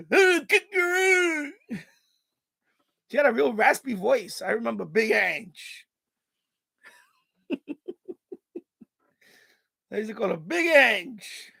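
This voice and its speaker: A man's voice: sits high, vocal fry, pushed and bright, breathy edge, no echo. A man with a New York accent, hosting a live stream and rambling casually with lots of laughter and restarts.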